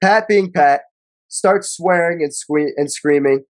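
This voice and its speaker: A man's voice: fairly high pitch, slow. A man co-hosting a casual sports podcast, reading stats and quotes aloud in a loose, profane way. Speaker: podcast co-host.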